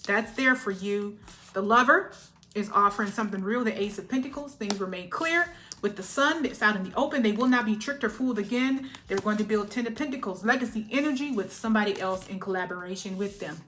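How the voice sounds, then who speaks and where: A woman's voice: mid-range voice, fairly quick, fairly bright tone, slight background noise. A woman giving a collective tarot reading in a chatty, emotional way, often laughing and checking in with "all right?". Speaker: tarot reader.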